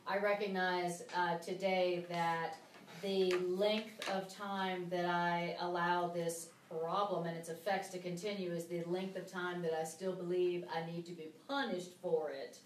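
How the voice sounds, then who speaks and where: A woman with a lowish voice shares a personal realization with the class. She speaks slowly and thoughtfully. Her voice is distant in an echoey room with faint noise underneath. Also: level tone. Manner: slow, reflective sharing. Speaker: study group participant.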